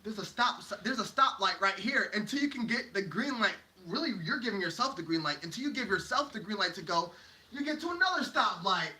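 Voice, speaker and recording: Bright, animated man lecturing at a board. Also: high-pitched, fairly quick. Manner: animated, playful, slangy, laughs often. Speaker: whiteboard teacher. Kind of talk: casual motivational lecture at a board. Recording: echoey room, mic at a distance.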